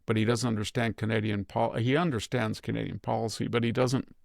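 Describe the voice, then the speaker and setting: Older man with a low gravelly voice. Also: flat delivery, no room sound, studio quality. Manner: measured, digressive, thinks aloud. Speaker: host and commentator. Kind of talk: conversational political commentary.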